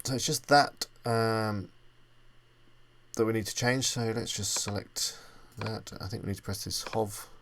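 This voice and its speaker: In a screen-recorded web design tutorial, a man casually thinks aloud while clicking through each step of the software walkthrough. His voice is on the low side, steady, unhurried, and a bit bright.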